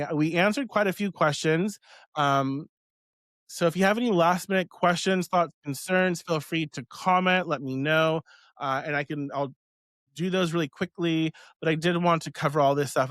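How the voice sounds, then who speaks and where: A man's voice: mid-range voice, a bit bright, dry recording, studio quality. A man hosting a witchcraft live stream in a rambling, casual way, swearing freely and laughing often. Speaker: witchcraft podcast host.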